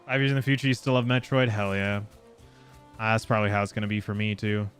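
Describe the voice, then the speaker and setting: A man live-streaming a game, chatting casually and excitably with his viewers and swearing freely. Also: on the low side, fast, smooth, faint music behind. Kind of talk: casual live gameplay chat.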